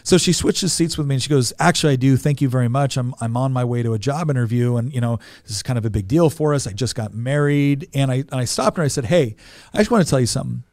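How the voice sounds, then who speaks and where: A man's voice: medium pitch, fast, darkish tone, dry recording. A man in his forties, a podcast guest, telling a personal story in an earnest way, often repeating words as he goes.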